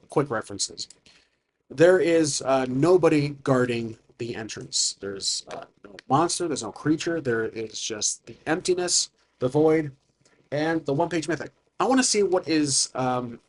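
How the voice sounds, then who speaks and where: A man's voice: medium pitch, a little mellow. A man casually talking through a solo tabletop game, rambling with fillers and tangents.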